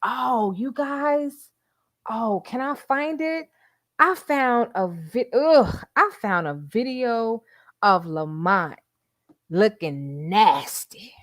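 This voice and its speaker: A woman's voice: fairly high pitch, expressive, drawn-out words, no room sound, clean studio sound. An older woman hosting a casual livestream, chatting and gossiping with frequent laughs. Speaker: YouTube host.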